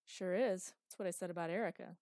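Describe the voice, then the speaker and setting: A woman's voice: lowish voice, fast, a little mellow, no room sound, lightly acted. A woman voicing a weary middle-aged father with dry, self-mocking humor, wry and grumbling. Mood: wry teasing.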